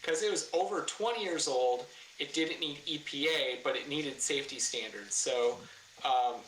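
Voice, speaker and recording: A man with a bright, forceful voice and a somewhat high pitch, telling a story as a podcast guest. He is animated, acts out quotes loudly and swears along the way. The room is echoey, with a faint ambient hiss behind him. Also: normal speed. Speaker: guest, car builder and former racer. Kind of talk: casual storytelling in a podcast interview.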